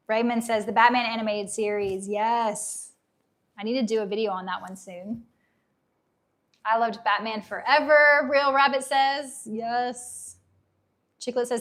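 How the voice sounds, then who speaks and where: Her voice, on the high side, is starting to give out and sounds a little hoarse. She's a woman in her thirties hosting a casual live unboxing stream, reading viewer comments aloud with fond, nostalgic enthusiasm.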